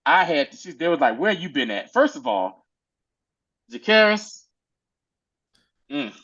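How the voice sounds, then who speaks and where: A man with a fairly high voice chats loosely about a TV episode, full of slang and quick acted-out lines from the characters. The sound is dull and lo-fi, like a cheap podcast setup. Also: big pitch swings, a bit bright, husky. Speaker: podcast co-host recapping a TV episode. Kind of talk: casual chat.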